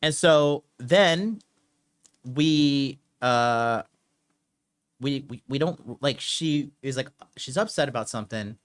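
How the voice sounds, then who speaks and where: Young male podcast host, casual and profane, rambling storyteller with an everyday mid-pitched voice. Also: takes it slowly. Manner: blunt, profane, rambling with fillers.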